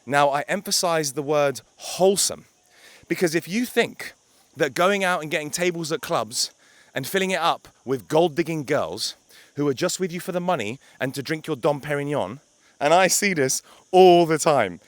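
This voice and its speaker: A man's voice: a little high, lively intonation, moderate pace, no echo. A young man talking to camera outdoors by a beach, a blunt, emphatic life coach who swears for emphasis.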